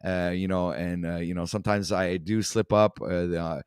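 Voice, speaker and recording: A man's voice: low voice, flat delivery, moderate pace, darkish tone, clear, resonant tone, no echo, clean studio sound. A man with a Canadian accent hosting a casual livestream talk show, rambling with many fillers and restarts.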